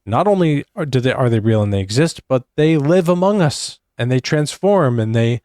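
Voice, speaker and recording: A man's voice: medium pitch, normal speed, dry recording, clean studio sound. Man narrating a trailer reaction. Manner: steady, narrating what is on screen. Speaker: channel host. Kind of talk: reaction video commentary.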